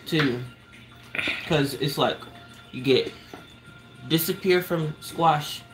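A man, the show's producer, tasting a dish and giving an earnest, halting review in casual chat. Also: on the high side, over music, rough recording. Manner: earnest, searching for words in his food review.

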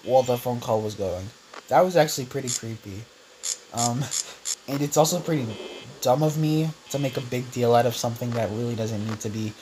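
A man's voice: medium pitch, a little fast, noisy background. A young man giving casual let's-play commentary on a horror game, rambling with lots of fillers and jumpy outbursts. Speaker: gaming YouTuber.

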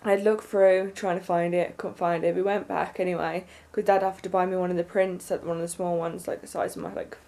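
A young woman vlogging, telling a story in an excited, rambling way with lots of fillers. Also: fairly low pitch, a little fast, gravelly, hardly any pauses. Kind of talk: casual storytelling to camera.

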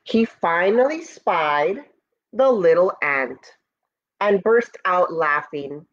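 A woman teacher reads a storybook aloud to her students, slowly and with lots of expression. Her voice rises and falls as she pauses to ask them questions. The audio is dull and lo-fi. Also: fairly low pitch. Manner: slow and expressive, asks the listeners questions. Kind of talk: reading a picture book aloud to students.

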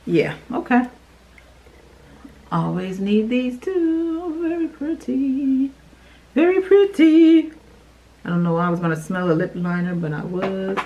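A woman's voice: fairly low pitch, measured pace, highs cut off. Bubbly woman unboxing beauty products. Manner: bubbly and excitable, talks to viewers as "y'all". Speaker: beauty YouTuber. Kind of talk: casual unboxing vlog.

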